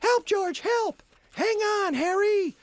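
A man doing a shrill, frantic young boy. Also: takes it slowly, no echo. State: hoarse.

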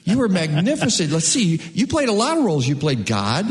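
A man's voice: high-pitched, huge pitch swings, brisk, slightly rough, no room sound. A man hosting a radio talk show, chatting playfully with his guests and chuckling. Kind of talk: casual studio chat.

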